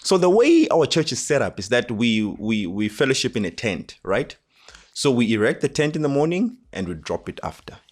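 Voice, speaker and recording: A man with a South African accent, hosting a motivational talk and telling a personal story, acting out the dialogue with animation. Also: normal speed. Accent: South African English. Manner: animated, acts out dialogue with rising pitch. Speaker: host.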